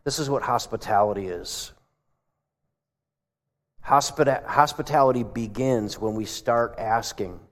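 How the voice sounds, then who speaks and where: A man's voice: mid-range voice, measured pace, long pauses. A male pastor giving a sermon in a church, telling stories in a conversational way and asking the congregation questions. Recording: long hall reverb.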